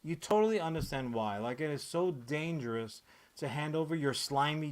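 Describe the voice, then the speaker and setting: A man in his thirties holds forth on a casual podcast, sarcastic and rambling, swearing freely and tripping over fillers and restarts. His voice sits a little higher than most men's. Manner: profane, rambling, sarcastic rant with many fillers. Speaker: podcast host. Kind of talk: casual comic-book podcast chat.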